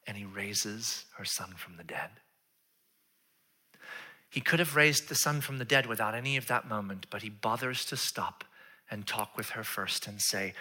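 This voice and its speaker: Bright-toned animated male preacher. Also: lowish voice, normal speed, slightly rough. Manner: animated storytelling, hushed whispers for quoted lines, playful asides. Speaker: pastor. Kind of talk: sermon.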